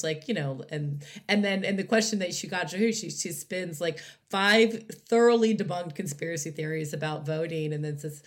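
A woman commentator talking politics from home with energetic emphasis. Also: lowish voice, moderate pace, hardly any pauses. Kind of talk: political chat.

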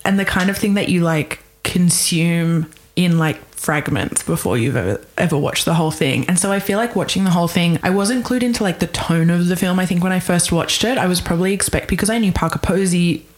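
A woman's voice: on the low side, fairly quick, few pauses. A woman co-hosting a film podcast, chatting playfully in long, rolling sentences. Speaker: podcast co-host. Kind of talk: casual film podcast chat.

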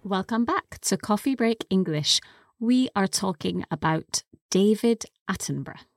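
A woman co-hosting a podcast English lesson, explaining words slowly and carefully into a close studio mic. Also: medium pitch, animated, faint music behind. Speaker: co-host and English teacher.

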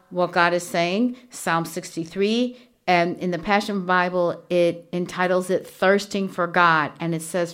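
A woman's voice: fairly low pitch, fairly even intonation, measured pace. A woman hosting a solo devotional podcast from a small home studio, talking earnestly and chattily with many fillers. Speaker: podcast host. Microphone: studio microphone with earphones.

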